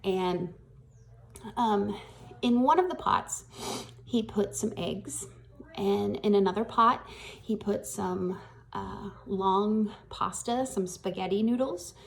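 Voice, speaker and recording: Woman, graduation speaker, slow reflective storyteller with a gravelly edge, lots of ums. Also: mid-range voice. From Northwest Arkansas. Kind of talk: storytelling speech.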